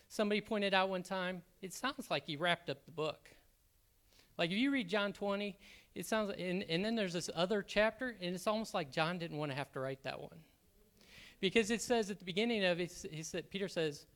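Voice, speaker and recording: A man speaking to a church as an elder candidate, excitable and halting, with frequent restarts. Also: sits high. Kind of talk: sermon-style church talk.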